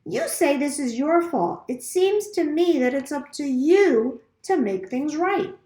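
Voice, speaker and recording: A woman's voice: sits high, expressive, a little slow, dark tone, echoey room, voice pushed up. A woman voicing an old gray female goose who squawks and scolds. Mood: scolding.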